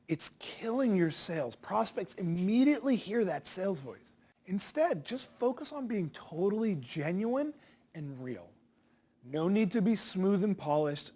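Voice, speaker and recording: A man's voice: a little high, darkish tone. A man coaching salespeople in a direct-to-camera lesson, punchy and challenging, asking rhetorical questions.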